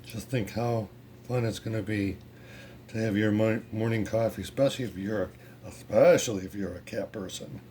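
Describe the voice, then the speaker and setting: In a pottery studio, a chatty man teaches pottery at a normal speed with a lowish voice. This ceramics instructor's casual demonstration is relaxed, peppered with fillers and restarts, over a little hiss or hum.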